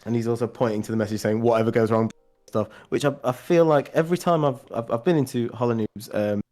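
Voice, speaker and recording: A man co-hosting a casual podcast stream, relaxed and jokey, greeting chat viewers. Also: medium pitch, fast. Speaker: podcast co-host. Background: faint lo-fi music.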